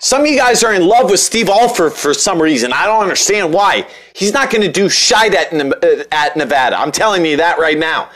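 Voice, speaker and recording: A man's voice: sits high, animated, brisk, hardly any pauses, fairly bright tone. A young man hosting a casual sports podcast, rambling and joking with lots of restarts and fillers. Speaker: podcast host.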